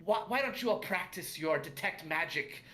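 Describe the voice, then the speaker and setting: A patient, wry magic teacher lectures his class in a bright, clear voice, voiced by a man. He is gently amused and a little playful in a tabletop game. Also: sits high, lively intonation, normal speed, voice pushed up. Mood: lecturing.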